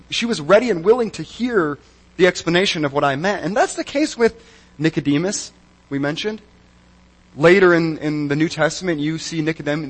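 A man preaching a sermon, telling a personal story in an animated, wry and self-mocking way. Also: a little high, poor audio. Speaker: pastor.

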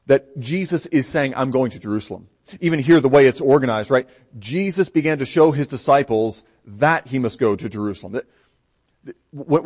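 A man preaching a sermon in a conversational, explaining way, often checking in with a quick "right?". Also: medium pitch, a little mellow.

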